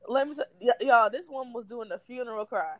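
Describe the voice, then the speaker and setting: Animated, slangy woman telling a story. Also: fairly high pitch, fast, no echo, poor audio. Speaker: podcast co-host. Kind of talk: casual storytelling chat.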